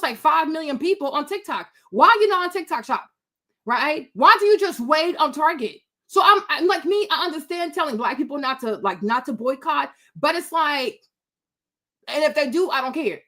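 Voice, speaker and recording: Blunt high-voiced woman ranting casually. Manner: blunt, animated, many fillers and repeats. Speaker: commentator on a live stream. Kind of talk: casual opinion rant, replying to chat.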